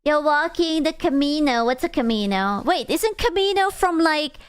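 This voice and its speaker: With a high-pitched, animated voice at a moderate pace, the Hungarian-accented young woman chats loosely with her stream. She teases, rambles and swears as she likes.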